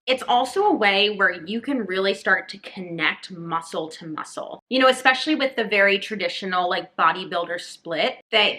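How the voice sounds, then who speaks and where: A woman's voice: mid-range voice, pushed and bright. A young woman talking casually as a fitness vlogger, chatty and full of "like" fillers. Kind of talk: casual vlog talk.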